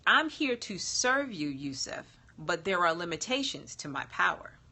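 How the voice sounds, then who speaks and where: A woman voicing a gentle female genie who speaks formally and soothingly. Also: fairly low pitch, big pitch swings, normal speed, heavily acted. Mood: puzzled.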